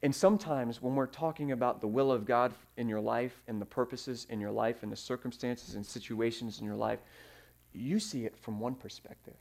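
A man preaching a sermon, telling stories with fillers and sudden swings in loudness. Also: mid-range voice, steady tone, normal speed, creaky. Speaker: pastor.

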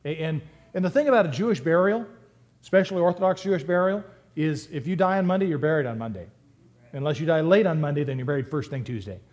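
Guy preaching a sermon, kinda high voice, jokey and chatty, gets loud then drops real low. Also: fast talker. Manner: humorous, conversational, lively swings in loudness. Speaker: pastor.

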